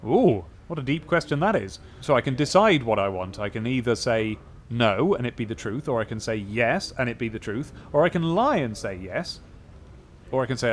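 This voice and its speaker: A man's voice: medium pitch, animated, moderate pace, a little hiss or hum. A man playing a role-playing game, reading its text aloud and thinking through his choices in a casual, musing way. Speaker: let's play host.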